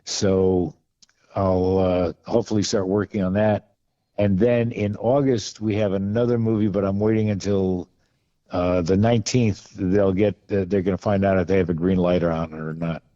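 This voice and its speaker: Low mellow man telling wry anecdotes. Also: level tone, normal speed, no room sound, lo-fi sound. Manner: rambling, wry, many restarts and fillers. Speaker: podcast guest, film costume and gun expert. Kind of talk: casual anecdotal storytelling.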